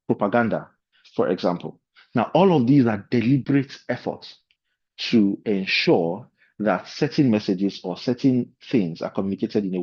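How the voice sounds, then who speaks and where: A fairly low-pitched man lectures in a loose, discursive way, wandering into asides. His voice sits close and dry. The recording is a little dull and lo-fi. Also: slightly rough, dry recording. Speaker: leadership course instructor. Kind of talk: informal lecture.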